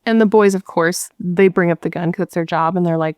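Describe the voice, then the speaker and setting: A woman's voice: on the low side, steady tone, fairly quick, a little mellow, dry recording. A woman hosting a true crime show, telling the case in a casual, blunt way and swearing freely. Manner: chatty, blunt, swears freely, retells dialogue conversationally. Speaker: true crime podcast host.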